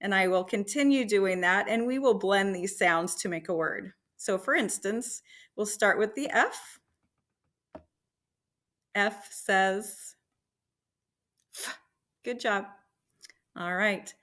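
Casting: a woman teacher, very slow and deliberate, encouraging phonics lesson for small kids. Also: medium pitch, fairly bright tone.

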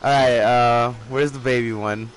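A man's voice: medium pitch, a little slow. A man streaming a monster hunting game live, chatting casually with a friend, cursing a lot and laughing, with faint music behind. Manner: profane, excitable, laughs often. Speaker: gaming streamer. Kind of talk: casual live gameplay chat.

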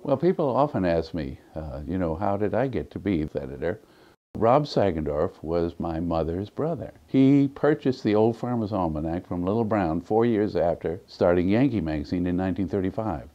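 A man's voice: low voice, animated, moderate pace, dull audio. A man in his seventies, an almanac editor, telling folksy anecdotes in a documentary interview, with plenty of fillers. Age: 70s.

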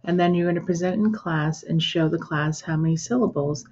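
Woman teaching syllables, husky and muffled. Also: on the low side, darkish tone. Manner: addresses an imagined class, pauses for answers, many fillers. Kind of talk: classroom-style pronunciation lesson. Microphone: screen recorder with built-in microphone. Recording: dull lo-fi screen recording.

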